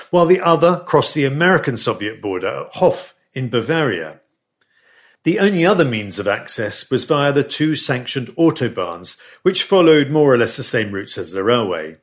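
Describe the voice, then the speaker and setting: A man narrating a history podcast in a scripted, storytelling way, stressing dramatic moments. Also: mid-range voice. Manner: storytelling with lively dramatic emphasis.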